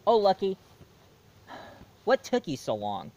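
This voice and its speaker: Brief: male storyteller host, rambling and chatty, fairly high voice with lively ups and downs. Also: slow, highs cut off, faint music behind. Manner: rambling, chatty, self-correcting. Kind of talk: casual spoken storytelling.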